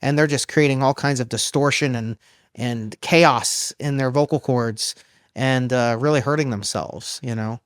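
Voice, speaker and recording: A male vocal coach talking shop in a casual podcast chat, his explanations loose and halting. His voice sits at an ordinary middle pitch, and the sound is close and dry with no room around it. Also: smooth, no room sound. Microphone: studio microphone.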